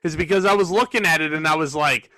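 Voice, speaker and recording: A man with a fairly high, bright, forceful voice hosts a loose, jokey podcast chat with plenty of sarcasm. His sound is close and dry, with no room around it. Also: fast talker, dry recording. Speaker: podcast host. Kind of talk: casual wrestling review chat.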